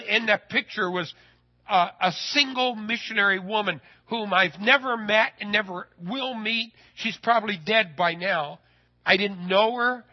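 A man telling a personal story in a sermon, folksy and animated, his voice rising when he gets excited. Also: sits high, muffled recording.

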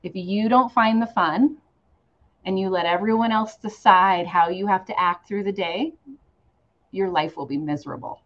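A woman's voice: medium pitch, normal speed. Encouraging host woman, dull lo-fi sound. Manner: encouraging, warm affirmations. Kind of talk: casual interview chat. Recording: slightly dull, lo-fi audio.

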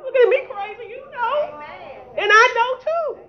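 A woman's voice: extremely high pitch, measured pace. A woman preacher delivering a fervent sermon into a microphone in a church, calling out to the congregation with rhetorical questions, in a dull lo-fi recording. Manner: fervent call-and-response, rhetorical "huh?". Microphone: handheld microphone.

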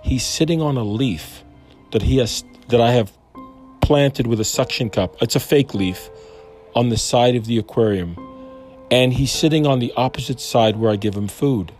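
A man in his fifties tells a personal faith story out loud, earnest and rambling, often stopping to question himself. His voice sits at an ordinary middle pitch for a man. Soft music plays faintly under him. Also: moderate pace. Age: 50s. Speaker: Christian storyteller. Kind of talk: personal testimony monologue.

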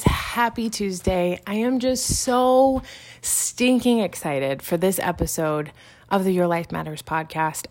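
Female motivational podcast host, low-pitched with vocal fry, effusive and repetitive delivery. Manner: gushing, repetitive, emphatic.

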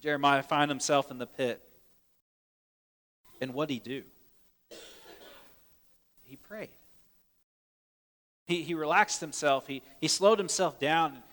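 A man preaching a sermon earnestly, swinging between loud urgent lines and hushed soft ones, often repeating words as he restarts. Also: a little high, takes it slowly, long pauses, big-room sound. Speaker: pastor.

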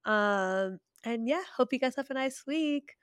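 A young woman co-hosting a podcast, warm, encouraging and effusive in casual chat. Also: high-pitched, animated, unhurried, a little hiss or hum. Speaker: podcast co-host.

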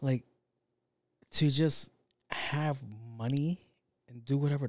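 A man's voice: mid-range voice, fairly even intonation, slow, long pauses. Rambling, profane young man. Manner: rambling, profane, goes off on tangents. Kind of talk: casual solo monologue.

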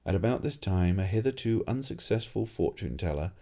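A man reading a humorous fantasy story aloud as narrator, in a dry, lively storytelling manner. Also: low voice, brisk. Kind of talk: audiobook reading.

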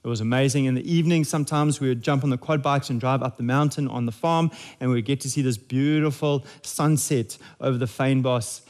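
A man's voice: mid-range voice, fairly even intonation, fairly quick, hardly any pauses, darkish tone. A man, preaching a sermon in a conversational, jokey way with frequent restarts. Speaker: pastor.

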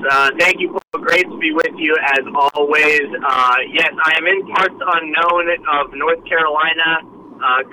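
A man's voice: on the high side, bright, forceful tone, a little hiss or hum, rough recording. A man calling in from a moving car by phone, upbeat and promotional with many fillers. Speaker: guest, minor league ballpark executive. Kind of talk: phone interview. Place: car on a mountain road.

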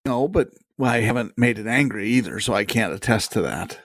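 A man's voice: on the low side, expressive, brisk, a bit bright, no room sound, clean studio sound. Wry teasing man on a podcast. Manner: wry, teasing, laughs often. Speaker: podcast co-host. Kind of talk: casual banter.

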